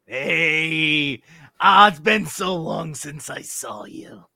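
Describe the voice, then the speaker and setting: A man voicing a gentle male spirit guide who stammers and apologizes, in a game narrated at the table. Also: fairly high pitch, very slow, creaky, no room sound, full character voice. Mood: cheerful greeting. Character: gentle male guide in a loved one's form.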